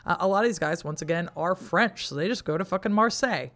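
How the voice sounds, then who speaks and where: A woman co-hosting a podcast, explaining history casually and wryly, acting out the people involved in quick asides. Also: on the low side, animated, fairly bright tone. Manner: wry, storytelling, acts out historical figures in quick asides. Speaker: podcast co-host.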